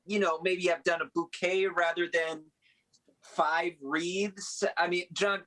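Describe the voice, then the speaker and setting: A woman improviser playing a complaining sibling, talking haltingly with many hesitations. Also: fairly low pitch, fairly even intonation, a bit bright, poor audio. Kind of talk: improvised comedy scene.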